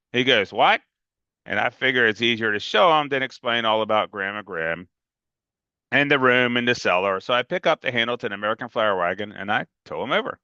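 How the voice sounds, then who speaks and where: A man's voice: medium pitch, sharp tone, no room sound, highs cut off. A man reading a novel aloud in a casual, emphatic first-person storytelling manner. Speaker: reader.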